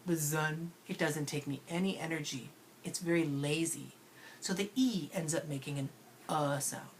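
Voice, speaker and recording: A woman teaching children a spelling lesson, slowly stretching out and overpronouncing each sound. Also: deep voice. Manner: slow, exaggerated enunciation of sounds. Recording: faint background noise.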